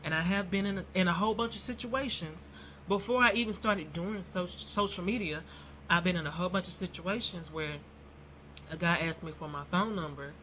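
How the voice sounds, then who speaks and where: Her voice on the low side, bright and forceful, she talks fairly quickly over slight background noise. This YouTuber chats through a meandering story in a casual vlog, addressing viewers as "y'all" and calling herself nervous and non-confrontational.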